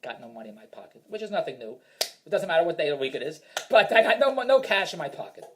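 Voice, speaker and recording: A man's voice: fairly high pitch, sing-song, racing, a bit bright, a little hiss or hum. A man telling a rambling, self-mocking stand-up story in an exasperated rant. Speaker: stand-up comedian.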